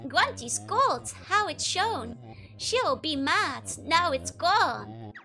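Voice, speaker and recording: A woman voicing a gloating old witch, reading rhyming lines in a slow, loud sing-song. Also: high-pitched, sing-song, faint music behind, pitched above the performer's own voice, heavily acted.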